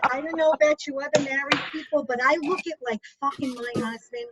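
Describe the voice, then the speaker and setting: A woman's voice: sits high, fairly even intonation, fairly quick. A woman doing a stand-up comedy set from home, crude and self-mocking in her punchlines. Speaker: stand-up comic. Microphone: video call computer mic. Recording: muffled video call audio with background hiss.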